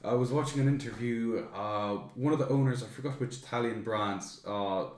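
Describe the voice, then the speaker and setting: A man's voice: mid-range voice, moderate pace. Chatty man in an echoey room. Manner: relaxed storyteller, chatty, agreeable. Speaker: podcast co-host. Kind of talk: casual discussion.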